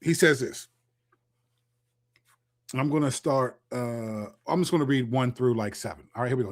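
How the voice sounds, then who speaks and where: A man's voice: mid-range voice, normal speed, long pauses. A middle-aged man giving an impassioned solo Christian commentary, preachy and emphatic, reading scripture aloud and often restarting his sentences.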